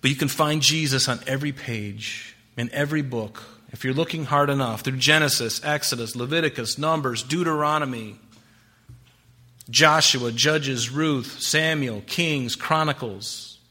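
A man preaching a sermon with a bright, forceful tone. He reads scripture aloud, presses key words hard, then drops to a hush. The delivery stays expository and earnest. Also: medium pitch, unhurried. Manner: swings between emphatic rises and hushed drops. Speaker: pastor.

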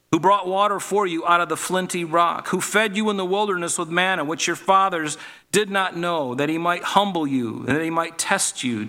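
Bright-voiced male preacher. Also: high voice. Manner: reads scripture aloud, then explains in a relaxed conversational tone; addresses the listeners as folks, asks rhetorical questions. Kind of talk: sermon.

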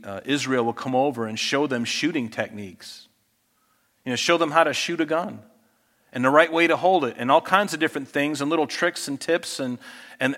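A man preaching a sermon as a pastor, talking in a conversational way that turns animated when he acts out quoted speech. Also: mid-range voice, big-room sound.

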